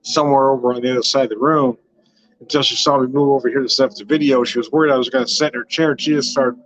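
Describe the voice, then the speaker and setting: A man's voice: medium pitch, steady tone, very fast, a bit bright, highs cut off. An older man from Southern California, chatting casually on a home wine livestream, rambling and laughing often, with occasional swearing. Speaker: wine vlogger. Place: home room.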